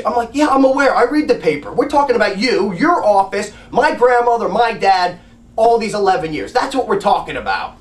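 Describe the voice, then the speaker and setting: Agitated male storyteller, high lively voice, roomy recording from a distance. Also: fairly quick. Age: adult with a grandmother and father living. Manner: agitated, animated retelling with acted-out quotes. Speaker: family advocate recounting a doctor visit. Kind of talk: casual personal storytelling. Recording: echoey room, voice away from mic.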